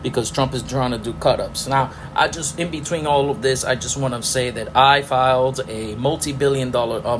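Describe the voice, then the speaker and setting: A man's voice: mid-range voice, background noise. A middle-aged man hosting a podcast, ranting angrily with profanity and sarcastic rhetorical questions. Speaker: podcast host. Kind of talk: ranting political commentary.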